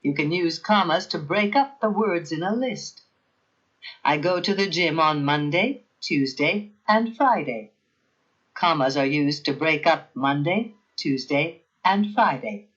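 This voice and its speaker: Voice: medium pitch, lively intonation, a little slow, fairly bright tone, muffled recording. A narrator giving a scripted grammar lesson in a careful, evenly paced teaching manner.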